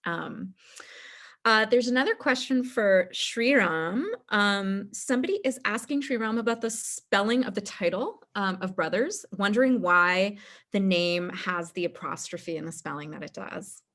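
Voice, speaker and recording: A woman filmmaker moderating a festival Q&A over a video call, encouraging and filling pauses with ums. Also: mid-range voice. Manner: warm, encouraging, many ums.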